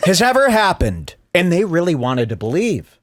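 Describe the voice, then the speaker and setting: A male podcast host on a fired-up rant, mocking and cursing as his voice leaps up and drops low. His pitch sits a little high for a man, and the sound is dry and close to the mic. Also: moderate pace, dry recording. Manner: animated, mocking, swears freely, swings between loud and muttered. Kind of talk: heated podcast commentary.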